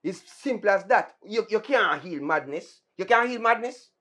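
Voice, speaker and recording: A hot-tempered Jamaican police officer, played by a woman, arguing in heated, defensive Patois. The voice sits at an ordinary middle pitch. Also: expressive, normal speed, fairly bright tone. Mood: firm. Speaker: actor in a Jamaican film. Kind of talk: film acting.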